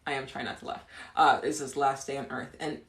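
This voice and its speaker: A woman hosting a livestream and improvising a bedtime story, chatty and giggly, dropping to a hushed voice for the story. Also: very deep voice, steady tone, brisk. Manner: giggly, chatty, breaks into laughter. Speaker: livestream host. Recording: echoey room.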